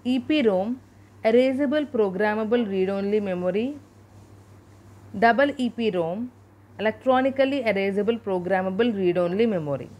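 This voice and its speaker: A woman's voice: mid-range voice, a little mellow. Woman teaching a computer lesson. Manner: explains terms slowly, spells out abbreviations. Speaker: school teacher. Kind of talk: classroom lecture over slides.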